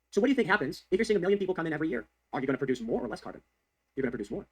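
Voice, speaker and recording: A man's voice: fairly high pitch, expressive, rapid-fire, a little mellow, husky. A man delivering heated, sarcastic political commentary on the news, repeating his points for emphasis. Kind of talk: fast ranting news commentary.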